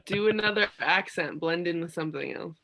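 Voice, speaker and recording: A woman's voice: fairly low pitch, a little fast, a bit bright, rough recording. A woman in improv comedy banter, teasing the others with giggly questions.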